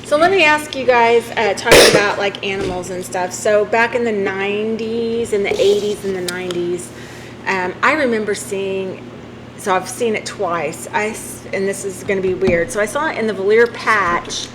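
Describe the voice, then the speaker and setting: A woman's voice: mid-range voice, normal speed, noisy background. A woman from southern Illinois with a country accent, hosting a casual podcast chat and telling stories with frequent laughs. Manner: chatty storyteller, laughs often. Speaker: podcast host.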